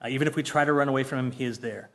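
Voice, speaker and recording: A man in his fifties leads a casual Bible study, speaking very fast in a mid-range voice with fairly even intonation. Earnest and heartfelt, full of fillers and restarts, he reads scripture aloud and poses questions to the group.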